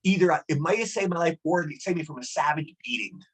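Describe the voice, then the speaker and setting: Male podcast guest: husky, quick, excitable raconteur who plays out his quotes. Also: on the high side, rough recording. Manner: fast and excitable, acts out quotes. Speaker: guest actor. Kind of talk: animated storytelling.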